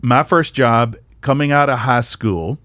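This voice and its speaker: A man's voice: mid-range voice, a little slow, a bit bright, dry recording, studio quality. A middle-aged man with a Southern accent, hosting a podcast and telling a joking story in casual chat. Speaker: podcast host. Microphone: studio microphone.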